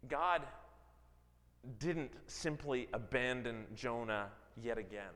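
A man preaching a sermon, dramatic, swinging from loud emphasis to low, quiet stretches. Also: expressive, slow pace. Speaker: pastor. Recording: long hall reverb.

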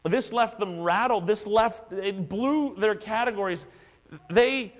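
A man's voice: sits high, unhurried. A man preaching a sermon as pastor, telling the story dramatically and acting out the voices. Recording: echoey hall with mains hum.

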